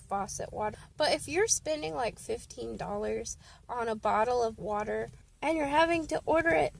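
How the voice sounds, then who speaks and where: A woman's voice: sits high, gravelly. A woman who works with dogs, ranting in an exasperated, comic way and laughing often. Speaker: dog care worker. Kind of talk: comic rant.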